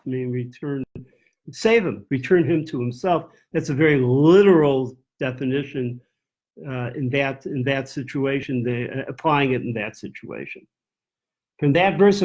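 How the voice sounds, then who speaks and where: A man's voice: on the high side, a little mellow. A man teaching as a rabbi in a text-study class. He reads verses aloud in Hebrew, translates them and thinks aloud with restarts and self-corrections.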